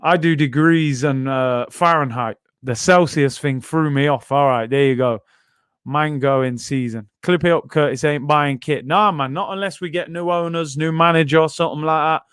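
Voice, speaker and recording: A man's voice: on the high side, moderate pace, fairly bright tone, clear, resonant tone, no echo, studio quality. A man hosting a football watchalong stream, chatting casually, using slang and reading out viewer comments.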